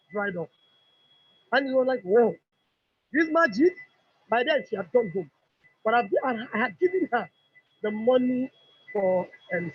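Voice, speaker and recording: As a customer sharing a product testimony, a middle-aged Nigerian English-accented woman tells an emotional personal story in a slightly rough, rather high voice. She animatedly acts out other people's dialogue, captured in a dull lo-fi recording.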